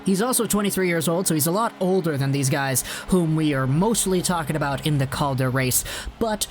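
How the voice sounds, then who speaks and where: A young man hosting a hockey video, talking in a chatty, rambling, lively way. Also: fairly high pitch, brisk, a little hiss or hum. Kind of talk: casual commentary to camera.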